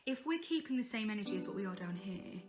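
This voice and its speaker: A young woman running a casual vocal tutorial, talking in a friendly, encouraging way. She keeps checking in with her students and explains each exercise step by step. Her speaking voice sits at an ordinary middle pitch. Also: expressive, quick pace, music in the background. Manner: chatty, encouraging, frequent "okay?" check-ins. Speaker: singing teacher.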